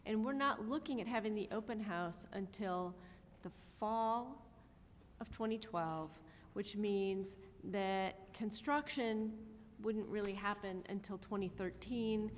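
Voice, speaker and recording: A woman alderman speaking at a city council meeting, methodical and orderly as she lays out the steps of a plan. Her voice sits at a middle pitch and carries the long reverb of the chamber, with a faint hum underneath. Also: slow pace.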